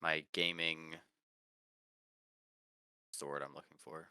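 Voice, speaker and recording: A very deep-voiced man with a bright, forceful edge chats casually as a podcast co-host. His voice is smooth and resonant, recorded dry and close. He rambles and hunts for words as he talks. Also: level tone, takes it slowly, no room sound. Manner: rambling, searches for words, laughs often. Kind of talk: casual chat.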